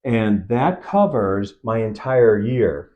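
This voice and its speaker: Producer type, male, lively storyteller with a pitch that rises and falls, acts out the voices in his anecdotes. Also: slow pace, highs cut off. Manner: animated storytelling, acts out quoted dialogue. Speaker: film producer. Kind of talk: on-set interview. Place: event set.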